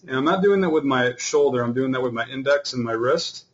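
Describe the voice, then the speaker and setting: Man, fiddle teacher, relaxed explaining, webinar lesson, slightly muffled sound. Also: medium pitch, fairly quick, loud music behind the voice. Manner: relaxed, explanatory, many fillers. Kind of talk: online class instruction.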